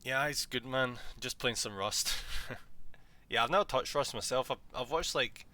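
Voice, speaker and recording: A man's voice: mid-range voice, moderate pace, bright, forceful tone. Chatty, joking male streamer. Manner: joking, chatty, swears casually. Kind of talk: live game commentary.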